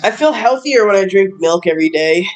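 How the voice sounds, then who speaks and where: A woman chatting casually with friends, blunt and quick to laugh. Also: mid-range voice, animated, crowd noise. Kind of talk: casual group chat.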